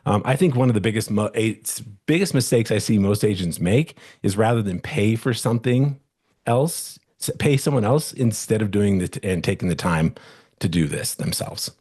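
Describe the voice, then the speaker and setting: A man's voice: fairly low pitch, expressive, moderate pace, a little mellow, husky. A middle-aged man who is a real estate agent, teaching a webinar in a casual, rambling way with many restarts and fillers.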